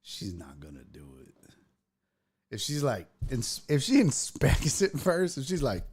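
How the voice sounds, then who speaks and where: A man's voice: medium pitch, wildly swooping pitch, measured pace, husky. A man hosting a casual livestream show, joking crudely and laughing as he reads viewer comments. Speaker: podcast host.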